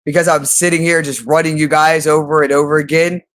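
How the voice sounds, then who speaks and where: A man's voice: fairly high pitch, flat delivery, brisk, a bit bright. A man talking unscripted on a livestream, heavily profane and repeating the same phrases again and again. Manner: repeats phrases over and over, heavy swearing.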